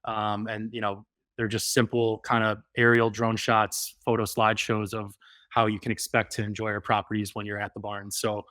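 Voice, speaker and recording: A man's voice: lowish voice, monotone, pushed and bright, no echo. A man speaking as a podcast guest in casual interview chat, with frequent "um" fillers. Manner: many "um" fillers, fast enthusiastic bursts. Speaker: podcast guest, rental property owner.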